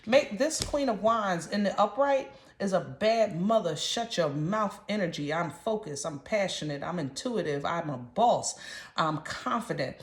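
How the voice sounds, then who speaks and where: A woman giving a casual tarot reading in a chatty, slangy, emphatic way. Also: mid-range voice. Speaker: tarot reader. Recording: roomy echo.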